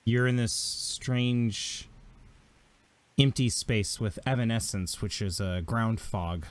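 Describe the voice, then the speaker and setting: Low-voiced game master narrating slowly. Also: male voice. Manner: slow, descriptive, atmospheric.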